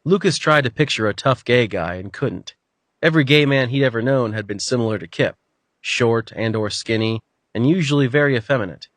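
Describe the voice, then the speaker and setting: A man narrating an audiobook with an even, storytelling delivery. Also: mid-range voice, brisk, no echo. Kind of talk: scripted narration.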